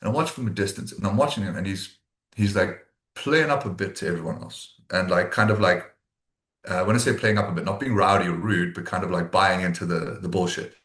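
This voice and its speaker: A man's voice: low-pitched, fairly quick, a bit bright. A man from South Africa chatting casually as a podcast co-host, blunt and swearing freely as he acts out what his friends said. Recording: echoey room.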